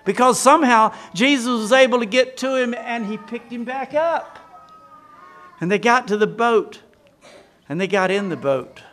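A man's voice: extremely high pitch, lively intonation, normal speed, fairly bright tone. A man preaching a sermon, retelling scripture as a story and asking the congregation questions.

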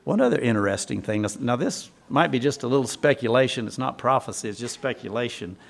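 A man's voice: mid-range voice, lively intonation, fairly quick, creaky. A man preaching a sermon, retelling scripture as a story and asking the congregation questions.

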